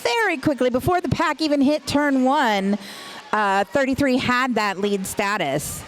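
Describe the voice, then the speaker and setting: A woman's voice: high voice, expressive, measured pace, a little hiss or hum. A woman announcing a roller derby game live, chatty and playful, laughing often between calls. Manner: chatty, giggly, playful banter. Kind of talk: live play-by-play commentary.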